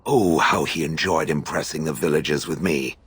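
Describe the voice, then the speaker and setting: A man's voice: a bass voice, normal speed, a bit bright, slightly rough, full character voice. A man voicing a sardonic, disdainful ancient stone golem in video game dialogue, speaking in a dry, mocking, condescending way.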